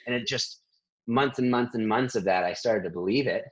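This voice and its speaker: A man working as a therapist, talking in a lively conversational interview and laughing often between thoughts. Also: mid-range voice, normal speed, husky, rough recording.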